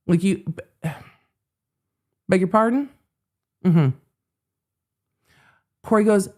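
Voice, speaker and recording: Lively woman host recounting a story. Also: low-pitched, moderate pace, long pauses. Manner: animated storytelling, acting out quoted lines. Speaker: legal commentary host. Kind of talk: casual live-stream commentary.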